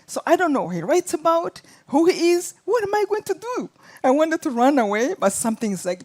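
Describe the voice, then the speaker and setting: A woman's voice: high voice, brisk. Earnest Rwandan-accented woman telling her story. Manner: earnest, animated retelling with acted quotes. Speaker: guest speaker. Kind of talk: storytelling in an interview.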